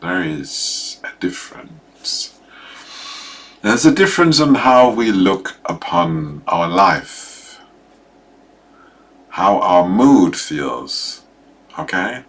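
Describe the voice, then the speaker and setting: A man teaching a lecture, hesitant, with many fillers and restarts, who acts out examples in an animated way. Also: sits low.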